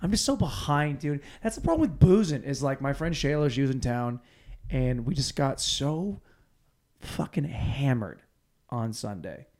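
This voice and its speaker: Profane, animated man telling a story. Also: medium pitch, moderate pace. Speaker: podcast host. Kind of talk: casual podcast chat.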